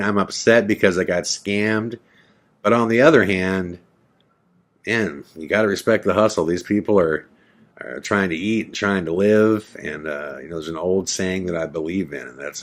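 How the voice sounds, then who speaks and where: A man's voice: sits low, moderate pace, fairly bright tone. A man hosting a podcast, telling a personal story in a casual way and acting out his own past lines.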